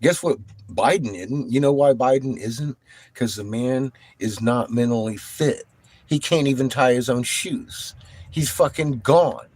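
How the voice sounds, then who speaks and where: A middle-aged man livestreaming a profane rant, dropping from low muttering to loud, combative outbursts. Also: measured pace, breathy edge, dry recording. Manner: heavy swearing, blunt and combative.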